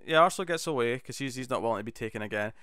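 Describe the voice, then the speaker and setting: A man co-hosting a podcast, chatting animatedly and acting out scenes in quick bursts. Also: mid-range voice, lively intonation, sharp tone. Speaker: podcast co-host. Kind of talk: casual chat.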